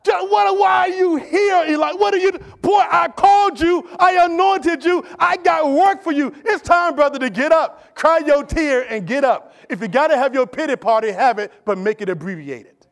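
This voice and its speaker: A man acting out God as a stern male deity, speaking slowly and commandingly. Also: very high-pitched, gravelly, pitched above the performer's own voice. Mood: stern urging. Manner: slow, loud, commanding.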